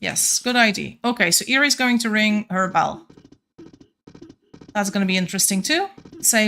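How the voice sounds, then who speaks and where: A Flemish woman from Belgium whose first language is Flemish, chatting casually with viewers on a game stream, a little monotone at times. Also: medium pitch, moderate pace. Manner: a bit monotone at times, laughs often.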